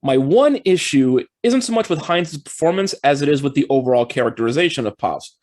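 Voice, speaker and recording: An upbeat man breaks down award nominees in a scripted film review, his speaking voice sitting a little above the usual male range. He keeps an explanatory, steady delivery. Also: on the high side, brisk.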